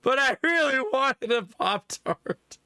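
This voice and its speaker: A man voicing a small, upset boy who pleads in a high, whiny voice. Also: animated, takes it slowly, sharp tone, clean tone, no echo, studio quality, exaggerated voice. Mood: pleading.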